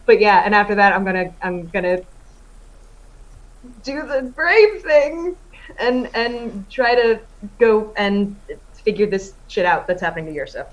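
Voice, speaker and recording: A woman playing a tabletop game, speaking earnestly with halting starts. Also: mid-range voice, expressive, dull audio. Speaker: player.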